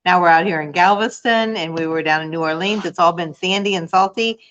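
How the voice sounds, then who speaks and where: A woman's voice: on the low side, a little fast, a bit bright, lo-fi sound. Chatty older grandmother on a livestream. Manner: chatty, giggly, reading out viewer comments. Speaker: co-host. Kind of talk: casual livestream chat.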